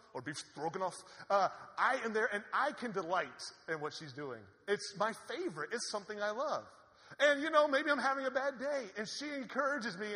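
Man, pastor, sermon, high voice, bright tone, long hall reverb, conversational asides. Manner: animated, conversational preaching with asides to the congregation. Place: church sanctuary.

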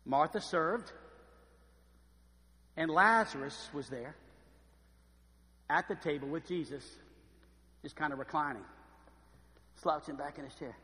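A man preaching a sermon, telling lively stories and acting out the voices of the people in them. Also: fairly high pitch, measured pace, long pauses, in a large hall. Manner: animated storytelling, acts out voices. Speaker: pastor. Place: church.

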